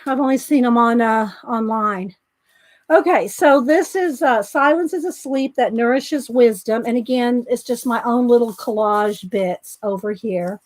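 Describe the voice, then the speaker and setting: Woman, middle-aged, high voice, casual rambling chat, a bit out of breath. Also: a little mellow. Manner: chatty, rambling, answers viewer comments. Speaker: livestream host.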